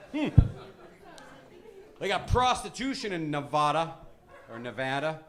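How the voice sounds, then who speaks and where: On a comedy club stage, a lively male stand-up rambles deadpan with lively swings in pitch, at a measured pace with long pauses. The live club recording picks up audience laughter and crowd noise.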